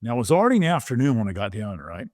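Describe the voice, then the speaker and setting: A man's voice: mid-range voice, very fast, no echo. A man in his sixties tells a long story from his past on a podcast. He relives it vividly and slips into the voices of the people he quotes. His voice sits in the middle range, and the recording is dry and close. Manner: animated, vivid retelling with acted-out quotes. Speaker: guest, former pro football player.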